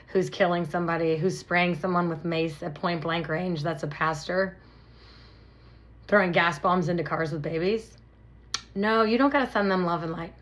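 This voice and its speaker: A woman psychic medium talking casually to camera, blunt and animated, swearing freely and getting emotional. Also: lowish voice. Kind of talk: casual direct-to-camera talk.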